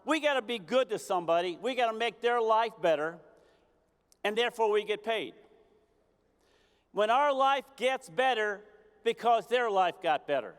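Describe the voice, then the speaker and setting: A man with a very high, smooth, resonant voice delivers a fervent motivational stage speech. He preaches at his audience and keeps hammering home rhetorical questions. Long reverb from a large convention hall trails after his words. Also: lively intonation, moderate pace, long pauses. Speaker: motivational speaker at a company convention.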